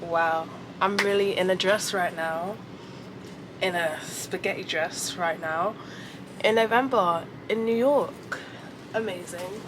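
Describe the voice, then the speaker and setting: A young lifestyle vlogger chats playfully to a handheld camera while recording her day in a city garden and indoors, often giggling at herself. Her medium-pitched voice is slow, and the background is noisy with music playing.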